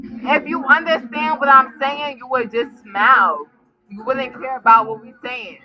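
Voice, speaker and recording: Drunk giggly woman, very high voice. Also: unhurried. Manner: giggly, teasing, repetitive. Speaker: livestreamer. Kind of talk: drunk casual livestream banter. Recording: dull lo-fi stream audio.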